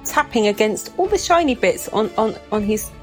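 A woman's voice: mid-range voice, animated, moderate pace, faint music behind. A woman playing a tabletop game, chatting in a giggly, scattered way as she hunts for a character voice. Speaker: player. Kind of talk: casual game chat.

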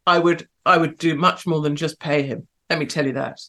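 A woman's voice: moderate pace, few pauses. A woman hosting an online show, giving provocative, sarcastic commentary and talking to her live chat. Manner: provocative, sarcastic, big swings in pitch and loudness.

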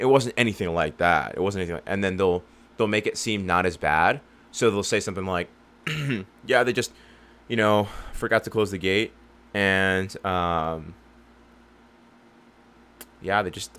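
A man's voice: low voice, a bit bright. A young man in casual talk, giving sales advice and acting out both sides of customer calls in a loose, rambling way. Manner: rambling, acts out customer dialogue. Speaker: lawn care business owner and coach.

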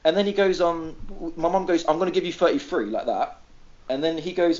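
A man from Greece tells a story on a podcast in a higher-than-usual voice that swings widely up and down. He swears freely and acts out the people he quotes. The recording sounds dull and lo-fi. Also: sing-song, quick pace, a little mellow. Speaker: podcast regular. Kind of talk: casual storytelling.

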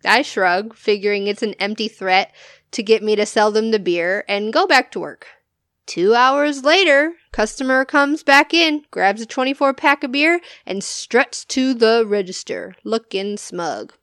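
A woman's voice: a little high, unhurried, fairly bright tone, clean tone, no echo, clean studio sound. A woman co-hosting a podcast, reading listener stories aloud in a casual way and often laughing between lines. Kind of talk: casual storytelling read-aloud.

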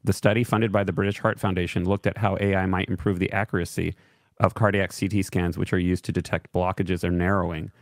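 Man, low gravelly voice, dry close sound, sarcastic co-host, casual news chat. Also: little pitch movement, brisk, no echo. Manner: wry, sarcastic quips. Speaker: show co-host.

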